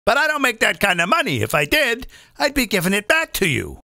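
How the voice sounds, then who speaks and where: Man, high lively voice, profane rambling comedy rant, dry close sound. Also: fairly quick, vocal fry, no room sound. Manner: profane, rambling, digressive and animated. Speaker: comedian and show host.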